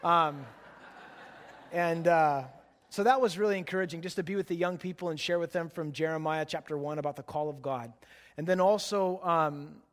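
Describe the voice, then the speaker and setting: Pastor in his late thirties, high voice, easygoing sermon delivery, long hall reverb. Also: moderate pace. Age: late 30s. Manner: relaxed, chatty storytelling with laughs.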